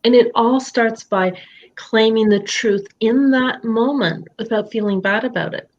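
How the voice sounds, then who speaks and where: A woman's voice: fairly high pitch, a little slow, dull audio, slight background noise. A woman coaching a client in a live session from her home office, talking expressively and acting out quoted thoughts in other voices. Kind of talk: candid coaching conversation.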